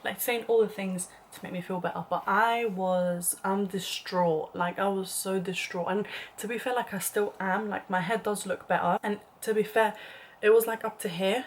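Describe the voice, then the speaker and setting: A woman's voice: mid-range voice, fairly even intonation, moderate pace, slight background noise. A young woman telling a dramatic story in a casual vlog, chatty and full of "like", sometimes dropping to a whispered aside. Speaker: vlogger.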